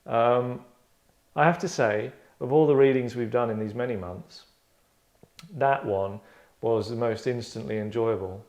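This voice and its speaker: A middle-aged man who writes and hosts a podcast talks a little slowly, his medium-pitched voice slightly mellow. Leading a casual discussion, he rambles and stops his own sentences to act out quotes.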